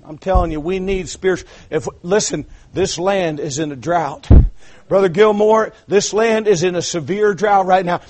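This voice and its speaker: A man preaching an impassioned sermon, dropping to hushed asides and then building to shouted climaxes. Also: sits high, moderate pace. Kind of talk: revival sermon.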